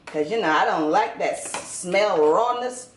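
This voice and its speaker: A woman's voice: on the low side, lively intonation, measured pace, distant mic, a little hiss or hum. A middle-aged Southern woman hosting a casual cooking video in her home kitchen, chatty and homey, full of sayings. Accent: Southern American. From Southern United States. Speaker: cooking channel host. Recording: roomy kitchen sound from the camera, a little off-mic.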